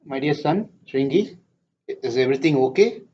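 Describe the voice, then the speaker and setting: A man voicing a calm old male sage who softly coaxes his crying son with questions. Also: mid-range voice, normal speed, slight background noise, lightly acted. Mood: gentle. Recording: dull lo-fi lecture recording.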